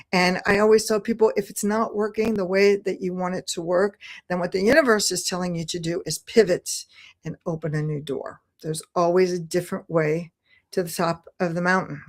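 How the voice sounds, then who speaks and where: A woman with a fairly low voice talks as a podcast guest. Her delivery is earnest and flowing, and she encourages her listeners as she speaks. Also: steady tone, moderate pace. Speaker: podcast guest, spiritual coach. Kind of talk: podcast conversation.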